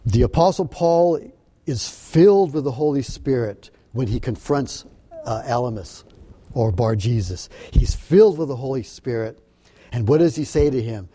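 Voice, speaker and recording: A man delivering a Bible-study sermon, explaining the text in an earnest, searching way. His voice is mellow and warm, at an ordinary middle pitch. He often stumbles and repeats words before pressing on. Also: animated, breathy edge. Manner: earnest, halting with repeated restarts. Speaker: preacher. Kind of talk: sermon-style Bible teaching.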